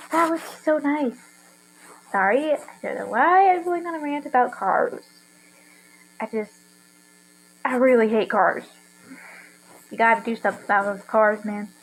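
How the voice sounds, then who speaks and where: A woman's voice: fairly high pitch, breathy edge, poor audio. A young woman with an earnest, rambling way of talking, hosting a casual solo monologue. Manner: rambling, earnest, enthusiastic ranting. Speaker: podcast host.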